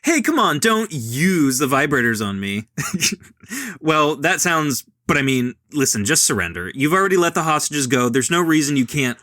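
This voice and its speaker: A man reading the lines of a young male hero who casually tries to calm a hostage-taker. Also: on the high side, moderate pace, no echo, studio quality. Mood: placating.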